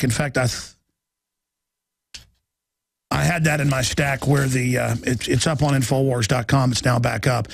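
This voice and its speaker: A man hosting a radio show, delivering an urgent, agitated monologue, rapidly reading headlines aloud and rising to shouts. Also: a little high, vocal fry, dry recording. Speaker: radio host.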